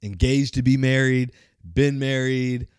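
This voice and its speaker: Middle-aged male podcast co-host, upbeat and lively, mid-pitched, dry sound. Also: unhurried, clean tone, no echo. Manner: upbeat, animated storyteller. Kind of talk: casual conversation.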